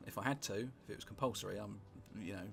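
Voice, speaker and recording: A British man casually commentating on a strategy game he is playing, rambling and wry, with sweary asides and thinking out loud. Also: on the low side, fast, gravelly. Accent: British English. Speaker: gameplay commentator. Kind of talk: casual let's-play commentary. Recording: music playing underneath.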